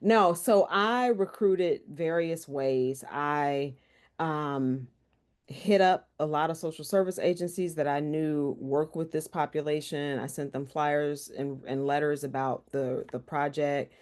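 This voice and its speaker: A woman's voice: low-pitched, a little slow, darkish tone. A woman researcher presenting a workshop talk over a video call and answering questions in an earnest, conversational way. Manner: earnest, conversational, some restarts.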